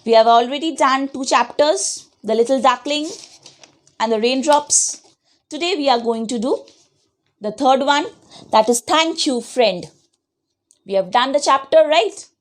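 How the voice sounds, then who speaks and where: A woman's voice: sits high, measured pace, pauses often. A woman teaching an online class, patiently dictating answers and spelling out words letter by letter. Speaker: schoolteacher. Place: home.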